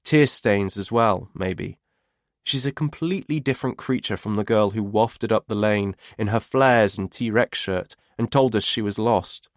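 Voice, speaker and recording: A man's voice: lowish voice, no echo. Dry, wry male audiobook narrator. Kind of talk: first-person audiobook narration.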